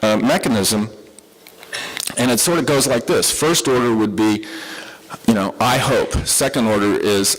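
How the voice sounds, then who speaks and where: A man's voice: lowish voice, normal speed, poor audio. A middle-aged man with a Southern American accent giving a live conference lecture, talking in a conversational way with frequent fillers and restarts. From southern United States. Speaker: conference speaker.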